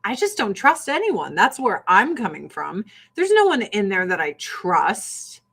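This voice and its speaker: A woman's voice: mid-range voice, wildly swooping pitch, measured pace, vocal fry, fairly bright tone, slightly rough. A woman in a casual political rant, blunt, sarcastic and often profane. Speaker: livestream host.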